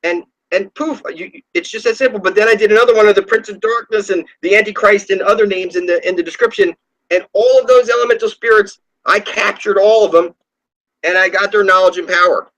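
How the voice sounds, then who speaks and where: High-voiced and brisk with a slightly bright sound, this man rants on an online video from home, and the recording is rough. His spiritual monologue is profane, rambling, scornful, and preachy, with sentences that trail away and get restarted.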